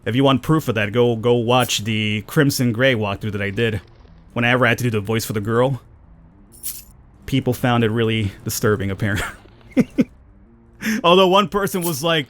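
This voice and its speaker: Chatty low-voiced man narrating gameplay. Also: fairly quick, long pauses, a bit bright. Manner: chatty, rambling, talks to the game characters. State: panicked, high and urgent. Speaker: let's play gamer. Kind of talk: casual gameplay commentary.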